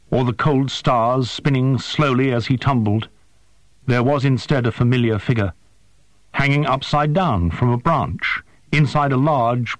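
A man narrating a science-fiction story in a measured, expressive way. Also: mid-range voice, no echo. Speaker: audiobook narrator. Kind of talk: scripted narration.

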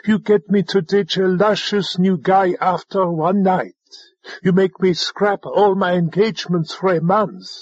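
Picture a petulant, pampered young woman shouting her complaints in a raised, strained voice, as a male narrator puts her on. The sound is dry and a little dull, with a husky edge. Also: high voice, unhurried, dry recording, pitched above the performer's own voice. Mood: indignant. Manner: yelling, indignant complaints.

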